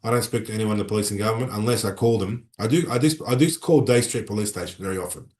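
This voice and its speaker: A middle-aged man with an Australian accent hosting a casual livestream from a room in a consulate, chatting and reading out viewer comments in an animated, rambling way. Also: on the low side, very fast. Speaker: livestream host. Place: room inside a consulate building. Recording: roomy echo.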